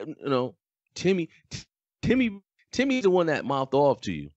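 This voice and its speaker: A man co-hosting a podcast in casual chat, talking in a flat, deadpan way. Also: fairly high pitch, moderate pace, no echo, dull audio. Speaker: podcast co-host.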